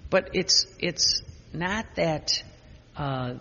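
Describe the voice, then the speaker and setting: An older man, a priest, giving an unscripted spiritual talk with personal stories, speaking haltingly with many restarts and fillers. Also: on the high side, pushed and bright, in a large hall, dull audio, slight background noise.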